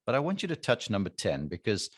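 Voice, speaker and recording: A man with a very deep voice hosts a golf podcast interview, recorded dry and close. He moves the conversation along with short prompts and quick summaries. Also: huge pitch swings, dry recording. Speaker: host and golf broadcaster.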